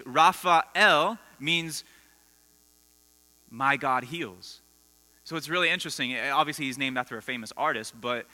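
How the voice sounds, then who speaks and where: A man with a slightly high, bright, forceful voice preaches to students in a school assembly hall, mixing stories with questions for the audience in a conversational sermon. Long hall reverb and mains hum mark the recording.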